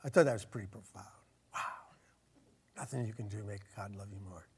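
A man preaching a sermon as a pastor, earnest, getting louder and slowing down to stress his points. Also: on the low side, slightly rough. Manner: earnest, swells louder and slows down for emphasis.

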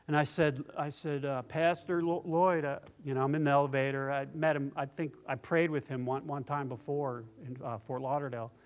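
A man preaching a personal testimony sermon, tearful and halting, restarting his phrases often. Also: medium pitch, flat delivery.

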